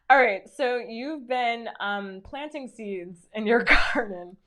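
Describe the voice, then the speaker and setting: A woman's voice: fairly high pitch, lively intonation, slow, a bit bright. A young woman giving a tarot reading on a casual live stream. She gushes with encouragement, leans on fillers, and breaks into giggles often. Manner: gushing, encouraging, filler-heavy with frequent giggles.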